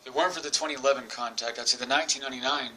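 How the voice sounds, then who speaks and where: Bright-voiced man, rambling and halting. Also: medium pitch, fairly even intonation, poor audio. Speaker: vlogger. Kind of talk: personal storytelling to camera. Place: England.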